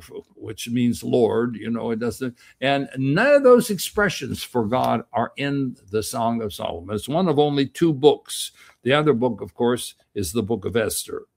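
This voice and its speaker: Older male Bible teacher, gravelly, loose and folksy, plays out the quotes. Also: mid-range voice, animated, a little slow. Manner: rambling, folksy, acts out quoted voices. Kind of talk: informal Bible lecture.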